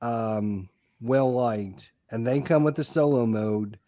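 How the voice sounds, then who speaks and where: A man's voice: medium pitch, slow pace, mellow, no echo. An American man hosting a podcast, talking casually in an emphatic, joking way. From United States. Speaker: podcast host. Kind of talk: casual chat.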